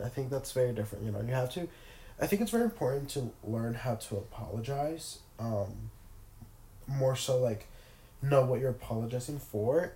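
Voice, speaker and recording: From bed at home, a young man with a cold hosts a casual solo podcast, stumbling over restarts and filler words as he rambles. His mid-range voice sounds nasal, mellow and a bit dark. A noticeable room echo and slight hiss or hum are audible.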